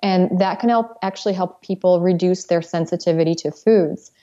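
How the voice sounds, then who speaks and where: A woman's voice: fairly low pitch, moderate pace, dark tone, muffled recording. A woman, a pharmacist guest, explaining treatments in a matter-of-fact way. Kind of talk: interview answers.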